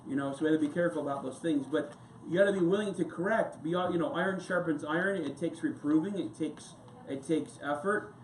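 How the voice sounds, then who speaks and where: Pastor preaching in an echoey church. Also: male voice, on the high side, a little fast, few pauses, a little hiss or hum. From United States. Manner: conversational, rambling preaching with anecdotes and asides. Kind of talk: sermon. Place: church sanctuary. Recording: echoey church room with faint ambience.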